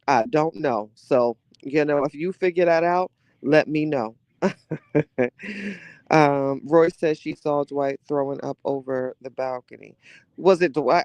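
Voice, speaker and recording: A woman's voice: deep voice, unhurried, a little mellow, dry recording. A woman hosting a podcast, chatting casually and animatedly with exclamations and laughter, speaking. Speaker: podcast host. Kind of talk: casual commentary.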